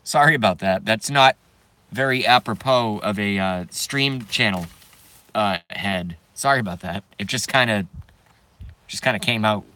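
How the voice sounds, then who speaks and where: A man's voice: lowish voice, a little slow, bright, forceful tone. Profane rambling male streamer. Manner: profane, rambling, nervous giggling. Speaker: YouTube streamer. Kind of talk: live-stream rant to chat.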